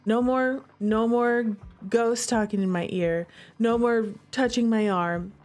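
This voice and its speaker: A woman telling a ghost story in a chatty, animated way, full of restarts and fillers. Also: fairly high pitch, slow pace, faint music behind. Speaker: streamer. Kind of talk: casual storytelling.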